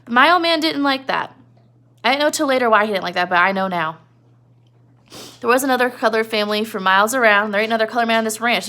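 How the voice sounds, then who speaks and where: A woman's voice: on the high side, bright, forceful tone. A woman voicing a bitter, isolated older stable hand who speaks curtly and bluntly with resentment.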